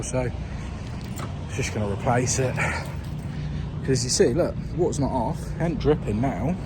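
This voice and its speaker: British plumber guy vlogging his day, swears a lot, blunt rambly chat, car and road noise behind. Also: mid-range voice. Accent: British English. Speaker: self-employed plumber. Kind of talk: casual day-in-the-life vlog. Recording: background noise from traffic and vehicles.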